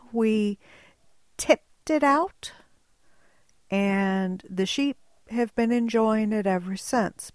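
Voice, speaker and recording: A woman telling a personal story in a wry, animated way, acting out moments as she goes. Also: medium pitch, no room sound. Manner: wry, animated, slow and deliberate.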